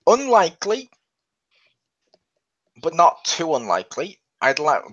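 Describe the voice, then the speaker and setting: A young man co-hosting a casual chat about video games, talking in a chatty, animated way and laughing often. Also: mid-range voice, normal speed. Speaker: podcast co-host. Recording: dull lo-fi sound.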